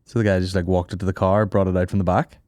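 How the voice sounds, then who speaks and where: A man's voice: sits low, quick pace, dry recording. A young man, co-hosting a podcast, telling stories with acted-out voices and plenty of swearing. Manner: animated storyteller, acts out voices, swears. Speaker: podcast co-host. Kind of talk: casual banter.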